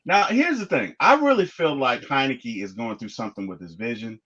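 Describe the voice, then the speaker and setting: A man chatting casually on a podcast, telling animated stories and quoting others in a raised voice. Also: medium pitch, brisk, breathy edge. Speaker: podcast guest. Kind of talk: casual chat. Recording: dull lo-fi sound.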